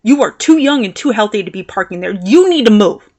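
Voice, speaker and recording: A woman's voice: medium pitch, lively intonation, brisk, a little mellow, natural voice. A woman quoting a self-righteous elderly woman scolding a stranger, in a voice close to her own.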